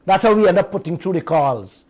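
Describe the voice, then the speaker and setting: A man with a Guyanese accent hosting a radio talk show, telling stories in an animated, indignant way and repeating himself. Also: sits high, brisk, rough recording. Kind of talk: heated talk radio monologue.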